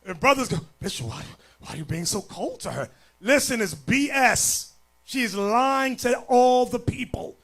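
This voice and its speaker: A man preaching as a bishop, blunt and forceful, dropping to low mutters and rising to shouts. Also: expressive, measured pace. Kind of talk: sermon.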